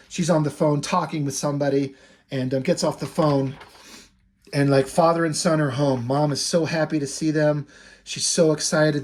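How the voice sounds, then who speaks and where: Male comic reviewer, slightly high voice, relaxed conversational plot recap. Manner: chatty, retells scenes with "he's like" quotes.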